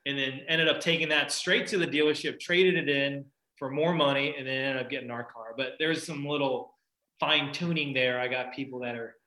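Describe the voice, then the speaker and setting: A man's voice: medium pitch, fairly even intonation, a little fast, bright, forceful tone, roomy sound, rough recording. A man, a touring golfer, telling a laid-back story in a casual chat with frequent laughs. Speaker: guest golfer.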